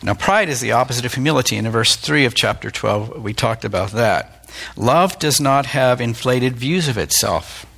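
A man's voice: mid-range voice, animated, moderate pace, creaky, a bit bright, slightly rough. A middle-aged man, a pastor, giving a candid, plain-spoken, conversational sermon with self-deprecating asides.

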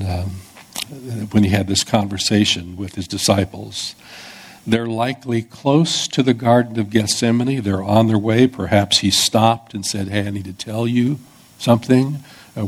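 A pastor preaching an expository sermon in a conversational teaching manner, with small restarts. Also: male voice, on the low side, slightly rough.

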